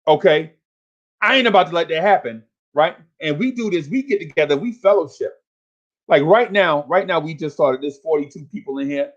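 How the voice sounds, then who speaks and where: Fired up guy running a fan stream, slangy and repetitive, muffled low-fi sound. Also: lively intonation, normal speed. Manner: hyped, repetitive, slangy, calling out to chat. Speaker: host of a fan livestream. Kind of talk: casual livestream chat.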